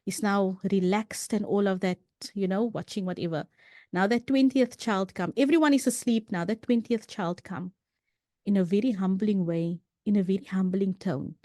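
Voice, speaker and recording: Female podcast guest, mid-pitched and mellow, earnest and chatty, prone to restarts, recorded dry. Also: normal speed, dry recording. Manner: earnest storytelling, frequent "you know" and restarts. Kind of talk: casual podcast conversation.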